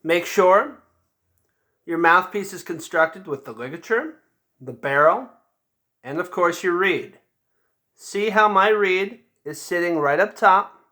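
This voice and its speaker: A man's voice: high voice, expressive, slow, pauses often, sharp tone. A man teaching a beginner band lesson, patiently walking through each step and checking in with frequent "okay?". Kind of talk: instrument lesson demonstration.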